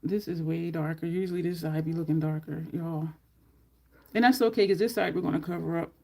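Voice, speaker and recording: A woman's voice: on the low side, steady tone, fairly quick, creaky, a little mellow. A woman chatting casually through a makeup tutorial at home, rambling into side stories as she goes. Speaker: makeup vlogger.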